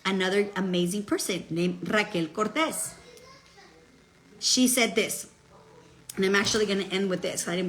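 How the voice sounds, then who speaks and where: A middle-aged woman giving a chatty, emphatic motivational talk, dropping Spanish phrases and asking "okay?" between points. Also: medium pitch. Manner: chatty, emphatic, peppers speech with "okay?" and "guess what"; switches into Spanish phrases mid-sentence. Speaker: motivational speaker.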